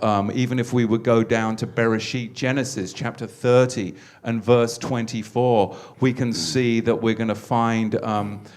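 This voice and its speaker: A man's voice: medium pitch, clean tone. A man hosting a religious teaching talk, earnest and preacherly, often repeating his words as he builds a point. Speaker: host.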